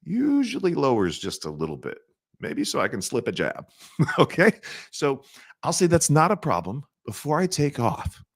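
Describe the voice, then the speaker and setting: A middle-aged man teaching a sales training, asking his audience questions and acting out soft-spoken sales lines. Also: mid-range voice, wildly swooping pitch, moderate pace, breathy edge.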